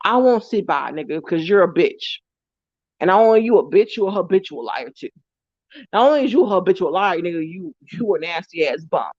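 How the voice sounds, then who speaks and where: A woman's voice: lowish voice, expressive, a little fast, darkish tone, dry recording, lo-fi sound. Heated woman ranting on a livestream. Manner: heated, repetitive, profane ranting. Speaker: live-stream vlogger. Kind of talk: angry ranting live stream.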